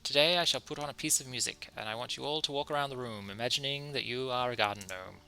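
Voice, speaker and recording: A man's voice: medium pitch, fast talker, gravelly, sharp tone. A man voicing a cheerful, eccentric dance teacher in a video game, speaking in a sing-song way. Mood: chirpy.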